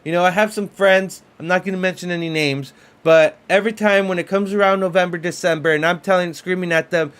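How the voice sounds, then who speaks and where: Chatty, excitable man hosting a crypto stream. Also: high-pitched, fairly quick, hardly any pauses, clear, resonant tone. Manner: excitable, repeats himself, lots of fillers. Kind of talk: casual livestream commentary.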